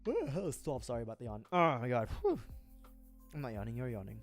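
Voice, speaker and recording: A man's voice: mid-range voice, big pitch swings, fast. A man livestreaming as he builds a model kit. He rambles casually, mutters to himself while he works and swears often. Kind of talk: casual rambling stream chat. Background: faint background music.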